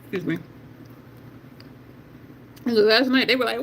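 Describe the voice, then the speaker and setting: An excitable, chatty beauty livestream host swatching makeup at home and talking straight to the chat. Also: mid-range voice, a little slow, noisy background. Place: at home in Delaware.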